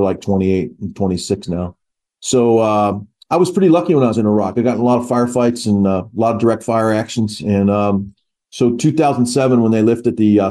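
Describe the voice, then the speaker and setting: A man's voice: on the low side, mellow. A man in his sixties from the Philadelphia area, a retired army officer recalling his career as a guest, talking casually with many fillers and restarts. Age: 60s. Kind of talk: casual interview.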